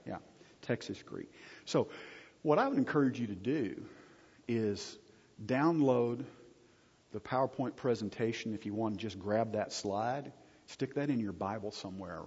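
A man's voice: lowish voice, normal speed, a little mellow. A man preaching a sermon as pastor, conversational, often checking in with the congregation and joking with them. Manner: asks the audience frequent check-in questions. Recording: husky voice, long hall reverb, dull lo-fi sound.

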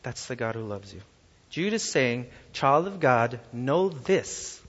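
A man's voice: medium pitch, sing-song, slow, breathy edge. A man preaching a sermon to a congregation, emphatic and asking them rhetorical questions. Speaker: pastor. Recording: lo-fi sound with long hall reverb.

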